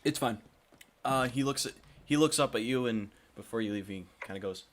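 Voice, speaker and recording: A man's voice: mid-range voice, fairly quick, slight background noise. A man narrating a tabletop game as game master, chuckling now and then. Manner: chuckling, relaxed narration with voiced characters.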